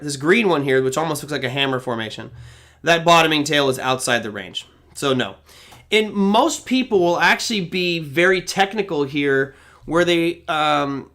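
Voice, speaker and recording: A middle-aged man with a fairly high, slightly bright voice hosts a live trading Q&A. He stays conversational, explaining how he trades as he reads viewer questions aloud.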